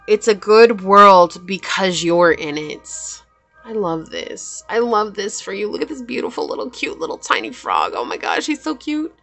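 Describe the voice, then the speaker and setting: A woman giving a pick-a-card tarot reading in a gentle, affirming and emotional way. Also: mid-range voice. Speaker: tarot reader.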